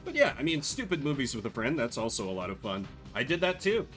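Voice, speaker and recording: A man's voice: mid-range voice, very animated, fast talker, fairly bright tone, soft background music. A young man streaming a game, telling rambling stories full of fillers in a casual chat. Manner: chatty, rambling storytelling with many fillers. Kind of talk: casual gameplay commentary.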